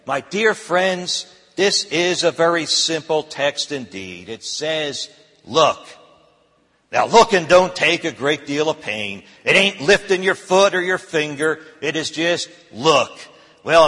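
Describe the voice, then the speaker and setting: A pastor acts out a rustic lay preacher, a fervent man who hammers every word of his exhortation. His pitched-up voice is husky and rough, ringing through a church hall with a long reverb. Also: exaggerated voice. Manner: emphatic, loud exhortation. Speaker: preacher figure in retold story.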